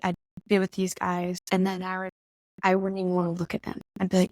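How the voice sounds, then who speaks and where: A woman's voice: mid-range voice, monotone, fairly quick, no room sound. A young woman in her twenties, a podcast guest telling a personal story in a chatty way, full of "like" and acted-out quotes. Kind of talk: casual storytelling conversation.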